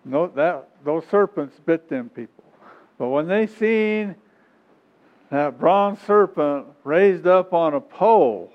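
A man's voice: on the high side, lively intonation, takes it slowly. A man preaching a sermon in a folksy, repetitive style, chuckling now and then. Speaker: pastor. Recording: tinny phone-like recording.

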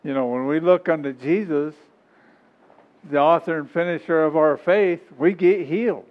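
A man's voice: fairly high pitch, moderate pace. Folksy preacher man, tinny recording. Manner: folksy, repetitive preaching with chuckles. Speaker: pastor. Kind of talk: sermon.

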